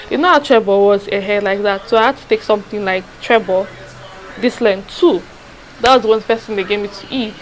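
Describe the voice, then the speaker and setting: A woman's voice: medium pitch, poor audio. A young woman tells a personal story in a casual, rambling, confiding vlog, repeating herself and checking in with her listeners. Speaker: vlogger.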